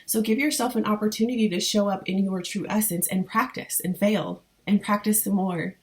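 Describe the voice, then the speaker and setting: A woman's voice: medium pitch, steady tone, normal speed, darkish tone. A woman in her thirties, a spiritual business coach, talking straight to her viewers in an earnest, heartfelt and encouraging way. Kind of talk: motivational vlog talk to viewers.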